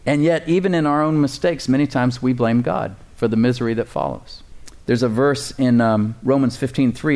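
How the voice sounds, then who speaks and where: A man's voice: mid-range voice, a little mellow. A man preaching a sermon as pastor, conversational and joking, building up emphasis in places.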